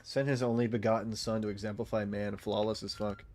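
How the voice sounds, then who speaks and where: A man's voice: on the low side, flat delivery, a little fast, darkish tone. A man live-streaming a game, chatting casually with viewers in a rambling, self-interrupting way, laughing often and swearing freely. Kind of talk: casual chat with viewers while gaming.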